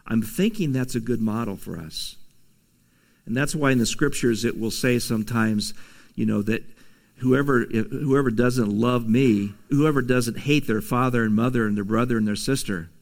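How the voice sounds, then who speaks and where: A man preaching a conversational sermon, reading scripture and adding casual asides with soft laughs. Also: medium pitch, normal speed. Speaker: pastor.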